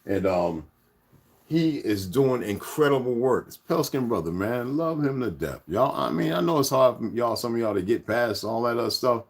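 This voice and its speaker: A man's voice: medium pitch, lively intonation, moderate pace, breathy edge. A man hosting his own channel, talking loosely and rambling to his viewers as "y'all". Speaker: channel host. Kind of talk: casual vlog talk to viewers.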